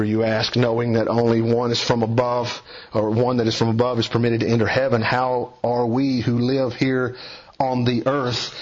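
Emphatic male preacher, husky voice. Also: lowish voice. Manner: emphatic, rising and falling for emphasis, urging listeners. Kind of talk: expository sermon. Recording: dull lo-fi recording.

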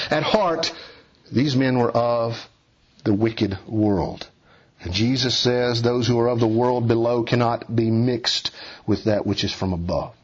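A man preaches with an emphatic, urging delivery, his voice climbing and falling to press each point. His tone is a little husky, caught on a dull, lo-fi recording. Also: medium pitch, measured pace. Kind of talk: expository sermon.

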